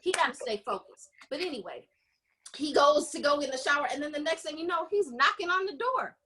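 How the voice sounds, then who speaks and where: A woman hosting a podcast, casually recapping a romance novel and acting out the characters' lines with animated storytelling. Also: high-pitched, a little fast, slight background noise. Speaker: podcast host. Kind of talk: casual book recap chat.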